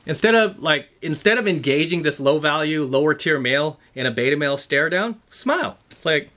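A man's voice: on the high side, lively intonation, fairly quick, few pauses, pushed and bright. A man giving a blunt, profane motivational talk to camera, lecturing his viewers over and over. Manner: emphatic, repetitive, blunt and profane; lecturing, calls the audience "guys". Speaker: self-improvement vlogger.

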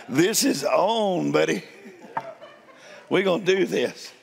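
An older man, preaching a sermon and telling stories in a folksy, playful way, with a gravelly, husky voice. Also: sits high, animated, takes it slowly. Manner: folksy, playful, addresses crowd as y'all. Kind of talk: sermon storytelling. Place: church sanctuary. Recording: long hall reverb.

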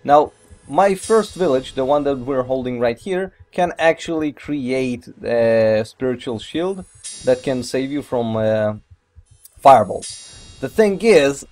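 Brief: male let's player, mid-pitched, excitable and rambling, with non-native English phrasing. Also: slow. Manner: excitable, rambling, mild swearing. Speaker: let's play gamer. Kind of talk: gameplay commentary.

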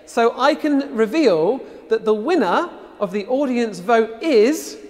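A man's voice: very high-pitched, animated, takes it slowly, in a large hall. A man hosting a live-streamed competition final, chatting casually with many ums. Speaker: host.

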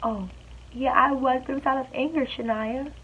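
A woman's voice: sits high, steady tone, normal speed. A young woman vlogger telling a storytime in an emphatic, indignant way. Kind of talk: storytime vlog. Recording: dull lo-fi audio with faint hiss.

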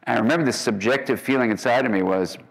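A man's voice: medium pitch, fast, creaky, low-quality recording. A man giving a guest lecture, telling personal stories in a conversational way and acting out the dialogue he remembers.

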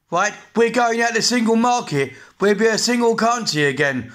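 A man's voice: high-pitched, animated, moderate pace, few pauses, a bit bright. An English man in his forties ranting angrily to camera, blunt and repetitive, swearing often. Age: 40s. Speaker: vlogger. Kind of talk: angry rant to camera.

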